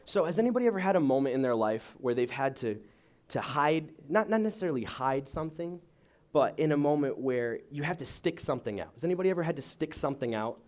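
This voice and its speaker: With a high-leaning voice, quick pace, and hardly any pauses, a young youth pastor at a church youth service acts out voices in a joke story before turning to prayer and reading.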